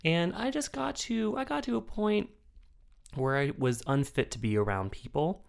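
A man's voice: on the high side, normal speed, vocal fry. Male podcast co-host, chatty storyteller, swears and laughs mid-story. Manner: animated storyteller, acts out his own shouts; swears freely, laughs while telling. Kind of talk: casual chat.

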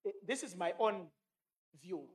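High-voiced man preaching. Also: a little slow. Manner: emphatic, repeats key lines, quotes scripture. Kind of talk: sermon.

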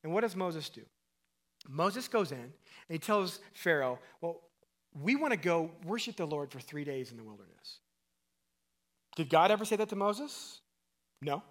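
A man preaching a sermon as pastor, asking his listeners questions and acting out quoted voices, swinging between loud emphatic calls and quiet low passages. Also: big pitch swings, normal speed, long pauses. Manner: acts out quoted voices and asks the crowd questions.

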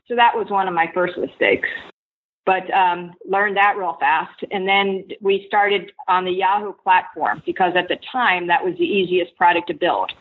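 A woman entrepreneur, a podcast guest, telling her story in lively anecdotes. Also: medium pitch, moderate pace. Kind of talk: interview answers, storytelling. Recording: tinny phone line.

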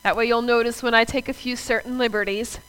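A woman's voice: a little high, fairly even intonation, fast, a bit bright, smooth, low-quality recording. A woman preacher, preaching a sermon in a conversational way and talking straight to the congregation. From US South. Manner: conversational, addresses the congregation directly.

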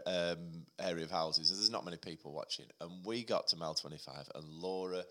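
A man's voice: deep voice, sharp tone. A man co-hosting a podcast, enthusiastic and laughing, often repeating and restarting his phrases. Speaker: podcast co-host. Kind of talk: casual chat.

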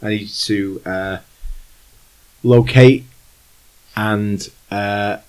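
A man's voice: fairly low pitch, fairly even intonation, very slow, darkish tone, clean tone, rough recording. A man voicing a tall, thin, very old male fixer in a tabletop game, speaking formally and courteously with a put-on German-ish accent. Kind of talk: tabletop role-play voicing.

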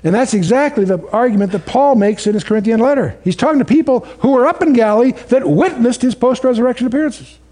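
High-voiced man preaching a sermon. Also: expressive, fast talker, few pauses, warm tone. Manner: conversational storytelling, asks the audience questions.

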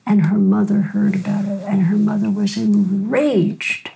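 Older woman, gentle storyteller, gravelly and mellow tone. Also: medium pitch, fairly even intonation, a little hiss or hum, rough recording. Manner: gentle unhurried storyteller, frequent "right?". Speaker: physician and teacher. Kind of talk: storytelling in a conversation.

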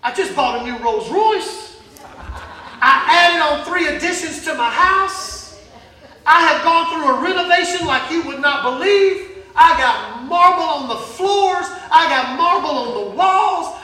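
A man's voice: very high-pitched, animated, measured pace, pushed and bright, exaggerated voice. A man pastor playing a boastful, overjoyed newly rich man within his sermon. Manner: bragging, giddy. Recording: very echoey hall, mic at a distance.

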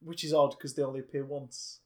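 A man's voice: mid-range voice, level tone, brisk. A man co-hosting a casual podcast, rambling along and swearing offhandedly. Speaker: podcast co-host.

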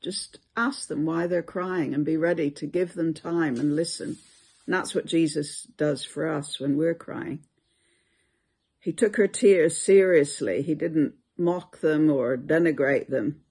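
A Bible teacher giving a reflective devotional video talk, unhurried with many hesitations. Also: medium pitch, a little mellow, breathy edge.

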